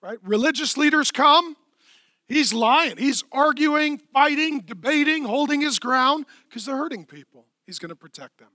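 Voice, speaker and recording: A middle-aged man preaching a lively, playful sermon in a church, swinging from hushed tones to shouting. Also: extremely high pitch, moderate pace, no room sound, studio quality. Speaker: pastor. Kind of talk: energetic comedic sermon.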